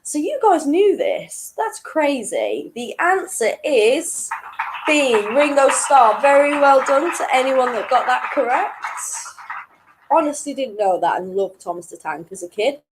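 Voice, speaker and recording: Female quiz host, fairly high voice, unhurried delivery, chatty and self-mocking. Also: very animated, slight background noise. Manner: reads each question twice, slowly and clearly; chatty, laughs at her own jokes. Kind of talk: hosting an online weekly quiz.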